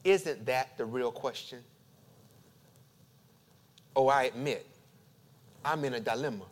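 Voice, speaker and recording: A male pastor preaching a sermon, building emphatic repeated phrases and then dropping to quiet, confessional tones. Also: mid-range voice, slow. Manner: emphatic preaching with dramatic repetition.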